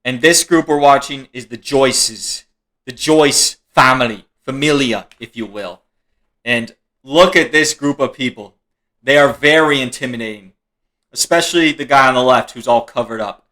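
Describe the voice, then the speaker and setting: A man riffs through a comedic reaction commentary on online videos. His voice is bright and forward, and he jokes, laughs and swears casually as he tries to explain what is going on. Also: medium pitch, moderate pace.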